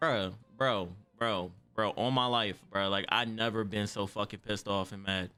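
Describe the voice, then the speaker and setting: A young man streamer, telling a story casually, swearing freely and jumping his pitch high when he acts out quotes. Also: fairly even intonation, normal speed, pushed and bright, smooth, soft background music.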